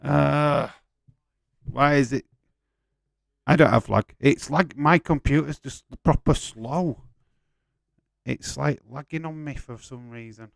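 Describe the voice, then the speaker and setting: A man's voice: mid-range voice, slow pace, vocal fry, pauses often, no room sound. A man hosting a live watch-along stream, chatting casually, swearing freely and laughing while he reads viewer comments.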